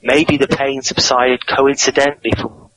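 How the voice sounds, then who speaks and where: A man, a guest author, answering interview questions in a measured, explanatory way, often repeating words as he goes. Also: mid-range voice, level tone, a bit bright, poor audio.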